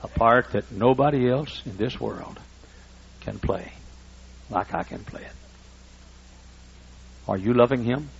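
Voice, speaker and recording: A man in his sixties preaching a sermon, emphatic and repetitive as he builds toward shouting. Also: medium pitch, unhurried, vocal fry, pauses often, lo-fi sound, slight background noise. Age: 60s. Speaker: pastor.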